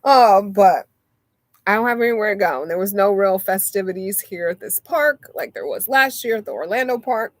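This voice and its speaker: A woman's voice: mid-range voice, moderate pace, no echo. Chatty young woman with a dry sound. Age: young adult. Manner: chatty and animated, laughs often, acts out voices in anecdotes. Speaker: vlogger and oracle card reader. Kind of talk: casual live-stream chat. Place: inside a motorhome.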